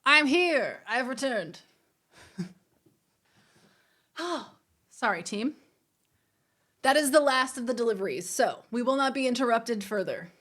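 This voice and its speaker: Australian woman streamer, slightly high voice, casual and teasing. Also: expressive, a little slow, pauses often. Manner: playful, chatty, addresses chat as gamers. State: a little out of breath. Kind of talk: casual live-stream chat.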